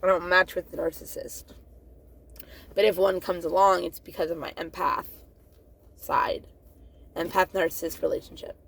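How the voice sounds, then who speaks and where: A woman's voice: on the low side, level tone, moderate pace, creaky, pauses often, a bit bright, husky. A woman talking straight to camera in a rambling, profane monologue, often losing her thread and laughing at herself. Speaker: vlogger.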